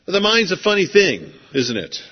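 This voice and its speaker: A man's voice: high-pitched, wildly swooping pitch, moderate pace, breathy edge. A man preaching a sermon in a conversational storytelling manner, acting out scenes as he goes. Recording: dull lo-fi sound with long hall reverb.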